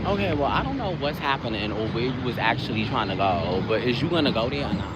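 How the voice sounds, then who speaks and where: A man chatting casually on a live stream while walking outdoors, rambling from one topic to the next with quick asides. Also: mid-range voice, animated. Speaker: livestream host. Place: outdoors on a busy city street. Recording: noisy street with passing traffic.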